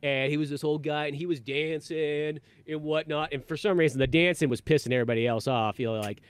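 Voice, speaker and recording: A man's voice: a little high, fairly even intonation, fast, clean tone, no echo. A man hosting a podcast, telling a long casual story with plenty of fillers and restarts. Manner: rambling, heavy on fillers and restarts. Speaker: podcast host.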